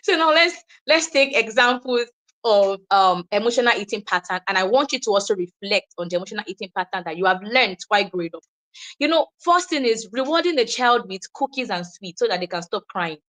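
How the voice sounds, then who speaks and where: A young woman with a Nigerian accent giving an informal teaching session, animated and quick to laugh, acting out the people she quotes. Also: mid-range voice. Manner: animated, acts out quoted voices, laughs often. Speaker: wellness speaker.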